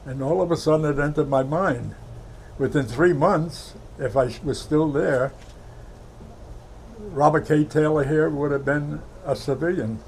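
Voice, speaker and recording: A man in his nineties from Brooklyn, recounting his war memories in an interview, halting with many fillers and heartfelt. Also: on the high side, darkish tone, slight background noise, poor audio. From Brooklyn, New York. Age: 90s. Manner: heartfelt, emotional recollection. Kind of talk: oral history interview.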